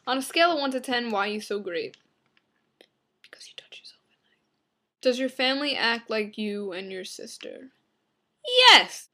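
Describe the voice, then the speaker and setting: Blunt young woman vlogger, brisk. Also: a little high, fairly bright tone. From Long Island, New York. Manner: blunt, flippant, quick asides. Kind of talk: casual Q and A vlog.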